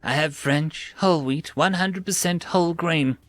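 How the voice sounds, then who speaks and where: A man's voice: a little high, normal speed, a bit bright, no room sound, soft background music, lightly acted. A man voicing a smug, overly polite food-dispenser machine reading out menu choices and warnings. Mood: prim. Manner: prim, overly polite, scripted customer-service tone.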